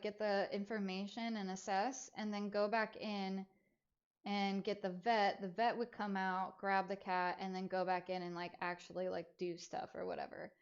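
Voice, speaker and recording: A woman's voice: medium pitch, muffled recording. Rambling woman streamer telling a story. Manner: rambling, filler-heavy, animated retelling. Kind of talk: casual storytelling while streaming.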